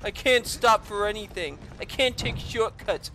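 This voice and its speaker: A dim-witted giant who just keeps coming, put on by a woman. He talks in a slow, dopey way and sounds completely single-minded. The voice has a bright, sharp edge. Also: mid-range voice, animated, soft background music. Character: dumb relentless hulking male monster.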